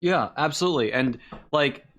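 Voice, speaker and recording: A man's voice: a little high, expressive, moderate pace, fairly bright tone. A man appearing as a guest on a casual live stream, talking enthusiastically and complimenting the host.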